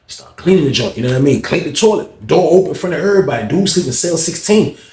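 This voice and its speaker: Animated slangy man telling a story. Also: fairly high pitch, fast talker. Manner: animated, slangy, voices characters. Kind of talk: casual storytelling. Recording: roomy echo.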